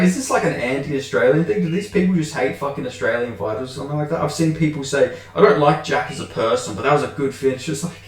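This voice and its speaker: A man ranting casually about fighters and fans, exasperated, swearing heavily and restarting his sentences as he goes. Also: a little high. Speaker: MMA commentary channel host. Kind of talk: casual opinion rant. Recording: echoey room.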